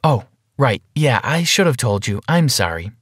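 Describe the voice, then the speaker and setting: A man voicing a defensive, evasive young woman in an animated story, with a raised pitch and short clipped replies. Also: moderate pace, husky, dry recording, clean studio sound. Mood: sheepish.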